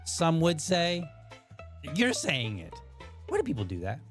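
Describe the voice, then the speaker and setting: A man's voice: fairly high pitch, wildly swooping pitch, unhurried, faint music behind. A man hosting a show, chatting casually about a video and thinking aloud with frequent asides to viewers. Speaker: podcast host. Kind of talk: casual commentary on a viral video.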